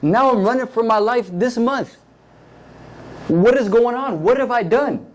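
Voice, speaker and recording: A man voicing a panicked young fugitive, high and pleading. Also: sing-song, normal speed, darkish tone. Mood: distraught. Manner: anguished, rising pleas in casual slang.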